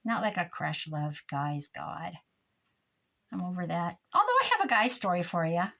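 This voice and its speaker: A woman's voice: lowish voice, animated, moderate pace, gravelly, pushed and bright. An older woman chatting casually and rambling in a mock-grumpy way as she works on a craft project. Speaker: crafting vlogger. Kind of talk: casual chat while crafting.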